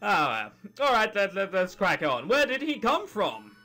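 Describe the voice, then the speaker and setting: A woman's voice: medium pitch, wildly swooping pitch, normal speed, sharp tone, soft background music. Sarcastic, swearing woman gamer. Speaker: let's-play host. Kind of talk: casual game commentary.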